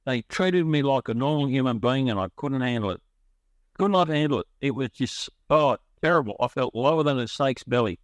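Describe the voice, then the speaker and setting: Middle-aged man, emotional and rambling storyteller, average pitch, dry close recording. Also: fairly quick, hardly any pauses, no echo. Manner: rambling, emotional, frequent restarts. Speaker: guest sharing his recovery story. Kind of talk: personal storytelling.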